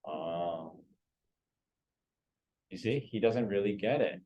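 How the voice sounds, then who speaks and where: A man's voice: sits low, takes it slowly, warm tone, poor audio. A man leading a real estate training class, quizzing students and coaxing answers. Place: training room.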